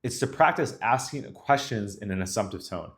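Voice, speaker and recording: A man with a lowish voice coaches viewers on dating. He talks in an easy, casual way, laying out his points step by step. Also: moderate pace. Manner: casual, coaching, explains calmly. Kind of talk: instructional talk to camera.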